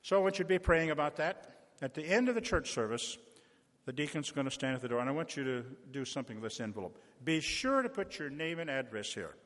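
Talking fast and expressively, this visiting pastor has a slightly high, a bit bright voice. His folksy sermon to the congregation seeks donations through short stories and direct asks, echoing with long church reverb in the sanctuary.

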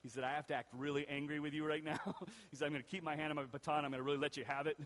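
A man preaches from a church platform, telling a personal story with plenty of energy and acted-out voices. His voice sits a little higher than most men's. The sound rings with the long reverb of a church hall. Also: very fast. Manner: animated storyteller acting out quoted voices. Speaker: pastor. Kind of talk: storytelling sermon.

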